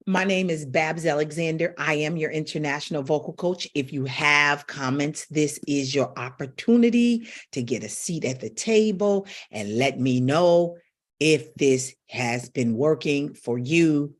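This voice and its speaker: A woman's voice: sits low, measured pace. A middle-aged woman vocal coach giving a live-streamed voice lesson, speaking directly to her viewers.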